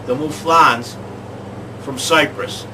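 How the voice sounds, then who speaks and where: A man hosting a comic sports show, talking in excitable rants. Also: fairly high pitch, slow. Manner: excitable, ranting. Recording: distant mic with clear background noise.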